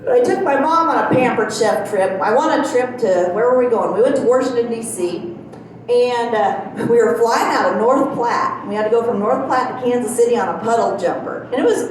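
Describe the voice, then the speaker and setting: A woman's voice: on the high side, far from the mic. A middle-aged woman doing a stand-up set in a small club, telling folksy stories and chuckling at her own jokes. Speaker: stand-up comedian. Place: small comedy club stage. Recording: very echoey room, from afar, faint noise.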